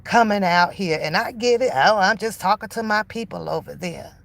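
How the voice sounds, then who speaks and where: A woman delivering a heated, profane reaction rant as an online commentator, mocking her target and drawing out key phrases slowly for emphasis. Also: mid-range voice, vocal fry, fairly bright tone.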